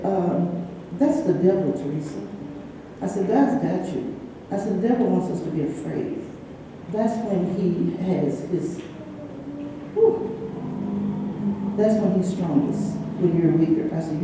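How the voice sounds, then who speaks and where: Trembling with emotion, a person in their sixties tells stories about a close friend in a heartfelt eulogy during a church memorial, speaking shakily but chattily. Their voice is mid-range, captured from a distance in a reverberant church hall with a noisy background.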